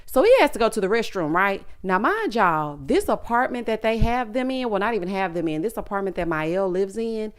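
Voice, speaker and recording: A woman's voice: medium pitch, clean tone. A woman with a Southern US accent, recapping a reality show in a sassy, chatty way with asides to her viewers. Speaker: recap vlogger.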